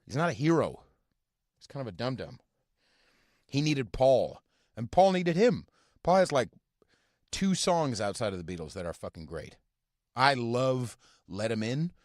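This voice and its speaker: A man hosting a podcast from inside his car, ranting casually and profanely in a halting, rambling way full of fillers. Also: mid-range voice, sing-song, a little mellow, no room sound, clean studio sound. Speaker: podcast host. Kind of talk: casual rant.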